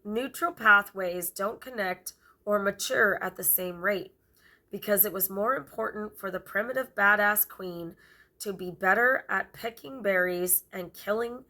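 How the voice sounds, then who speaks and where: A woman vlogger reading a memoir aloud as an amateur, halting now and then to stumble and correct herself. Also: mid-range voice, bright, forceful tone. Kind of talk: amateur read-aloud of a book.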